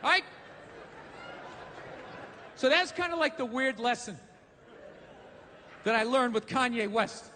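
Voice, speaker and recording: A middle-aged male stand-up comedian ranting profanely and rapid-fire on a live theater stage, into a handheld mic. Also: extremely high pitch, animated, bright, forceful tone, big-room sound, some chatter behind, slight background noise.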